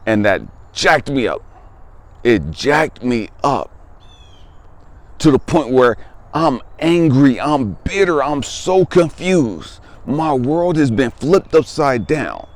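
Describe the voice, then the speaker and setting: A man in his fifties, a spiritual life coach, sharing a personal testimony in an emphatic, conversational way and repeating phrases for weight. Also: medium pitch.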